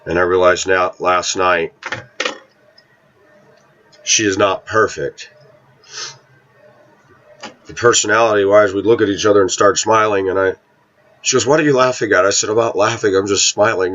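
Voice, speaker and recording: A man telling a story in casual, rambling talk, often clearing his throat and repeating himself. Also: on the low side, fairly bright tone, highs cut off.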